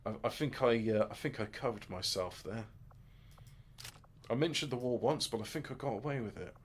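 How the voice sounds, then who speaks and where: A man's voice: mid-range voice, moderate pace, a little hiss or hum. A man giving rambling, joking let's-play commentary, muttering asides and mocking himself as he sets up his game. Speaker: gaming video host.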